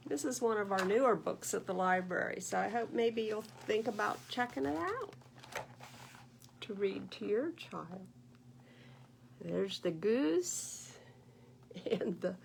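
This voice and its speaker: A woman librarian reading picture books aloud at a baby storytime, animated and sing-song, talking to little listeners. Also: mid-range voice, unhurried, vocal fry, slight background noise. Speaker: children's librarian.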